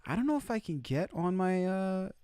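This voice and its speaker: A man's voice: high-pitched, expressive, normal speed, dark tone, smooth, dry recording. A man hosting opinionated live commentary from outside the United States, emphatic and repeating his key phrases. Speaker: commentary streamer.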